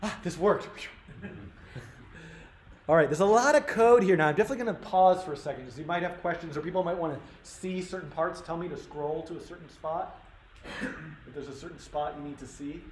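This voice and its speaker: A man's voice: a little high, brisk. A man teaching a live-coding workshop, thinking aloud with lots of fillers and restarts. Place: workshop room. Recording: roomy live-stream audio with faint room noise.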